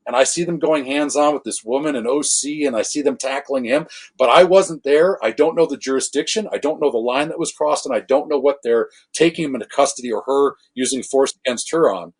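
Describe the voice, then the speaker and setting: Husky-voiced man telling cop stories. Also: medium pitch, brisk. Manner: animated anecdotes with acted quotes, self-correcting swears. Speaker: podcast guest, former law enforcement officer. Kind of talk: casual storytelling conversation.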